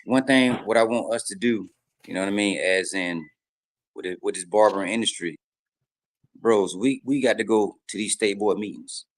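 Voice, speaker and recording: A man's voice: on the low side, moderate pace, rough recording. A man, a barber guest, making his point insistently and repeating it for emphasis. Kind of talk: casual discussion.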